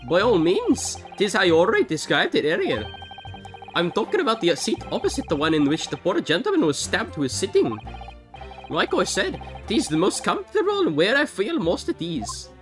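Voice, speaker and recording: A woman's voice: medium pitch, huge pitch swings, normal speed, faint music behind. A woman voicing a jovial older Irish man, a witness, in an exaggerated put-on Irish accent with a folksy, theatrical delivery. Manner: folksy brogue, theatrical reading. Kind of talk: game dialogue read aloud.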